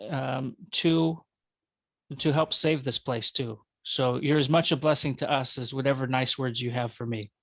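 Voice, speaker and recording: Minnesota-accented man guest, gravelly, loose and jokey, dry recording. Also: mid-range voice, fairly even intonation, normal speed, a bit bright, no room sound. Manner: rambling, self-correcting, joking. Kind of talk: conversational interview.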